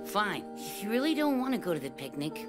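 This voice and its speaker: A man's voice: sits high, very animated, brisk. A man voicing a brash, wisecracking teenage schoolboy in an anime dub, teasing and smart-mouthed. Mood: lecturing. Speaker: voice actor. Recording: dub clips over loud music. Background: background music.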